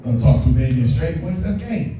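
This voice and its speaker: Animated young comedian in an echoey hall. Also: male voice, a little high, fast talker, distant mic, a little hiss or hum. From Dominican family. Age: young adult. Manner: animated storytelling, acts out voices, chats with the crowd. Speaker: stand-up comedian. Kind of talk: stand-up set with crowd work. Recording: echoey hall, mic heard from afar. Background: audience laughter.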